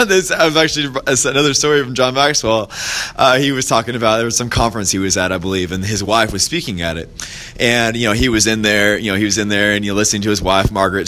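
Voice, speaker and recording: A man hosting his own podcast, giving a casual motivational talk, rambling with restarts and fillers and lifting his voice to act out quoted people in stories. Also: pushed and bright. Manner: acts out quoted voices in a higher pitch when telling stories. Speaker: podcast host.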